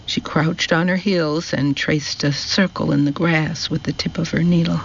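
A man narrating a novel as an audiobook, in a slow, measured storytelling manner. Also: a little high, steady tone, gravelly, highs cut off, slight background noise.

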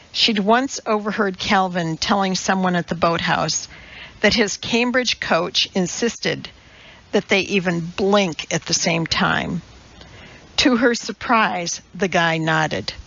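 A woman reading a novel aloud in slow, measured, wry narration. Her voice has a gravelly fry, and the recording sounds dull and lo-fi. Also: on the low side, a bit bright. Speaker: audiobook narrator. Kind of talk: scripted narration.

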